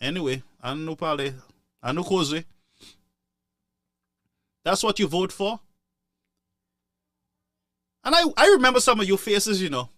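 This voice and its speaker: A man's voice: sits high, expressive, moderate pace, long pauses, pushed and bright, dry recording, studio quality. A man giving impassioned political commentary, scolding listeners in a repetitive, sarcastic way.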